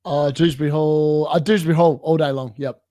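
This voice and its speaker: A man's voice: on the high side, steady tone, brisk, warm tone, dry recording. A man who is a guest on a casual football chat, rambling with many filler words.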